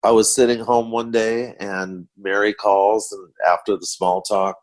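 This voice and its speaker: An older man, a photographer guest, telling backstage anecdotes in an animated storytelling manner. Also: fairly low pitch, measured pace. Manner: animated storyteller acting out quotes.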